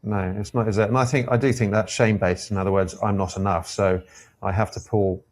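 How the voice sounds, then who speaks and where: A man, an airline captain, speaking as a podcast guest in a reflective conversation and explaining his ideas in a thoughtful, measured way. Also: fairly low pitch, steady tone, a little mellow.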